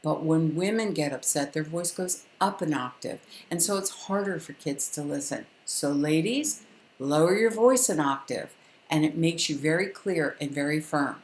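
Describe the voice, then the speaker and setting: An older woman, a longtime parenting educator, giving a calm, firm and instructive lesson to camera with deliberate pauses. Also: deep voice, reverberant.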